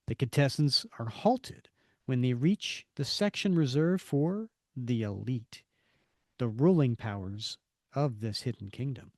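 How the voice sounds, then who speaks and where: A man's voice: mid-range voice, expressive, measured pace, a little mellow, no echo, studio quality. A man co-hosting a podcast, reading comic narration and dialogue aloud. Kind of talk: comic book read-through podcast.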